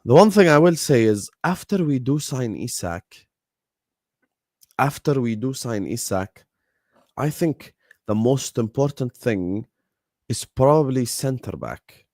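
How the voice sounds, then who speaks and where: A young man hosting a football fan live stream, talking casually, animated and repetitive as he rants at his chat. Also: mid-range voice, slow pace, long pauses, dry recording, studio quality. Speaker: football fan show host.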